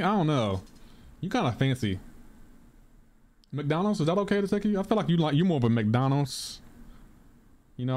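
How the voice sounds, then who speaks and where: A man's voice: mid-range voice, a little mellow. A man chatting casually on a live stream while gaming, rambling, repeating himself and answering his chat aloud.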